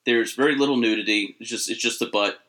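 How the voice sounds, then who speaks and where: A man co-hosting a podcast, chatting casually with rambling, halting restarts. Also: medium pitch, bright, forceful tone. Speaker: podcast co-host. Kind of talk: casual chat.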